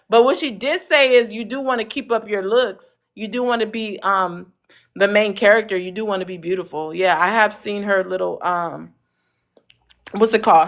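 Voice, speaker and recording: A woman's voice: on the high side, dull audio. A woman hosting a live talk show panel who keeps cutting in and firmly tells others to hold on. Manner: bossy, cuts in, hold on repeatedly.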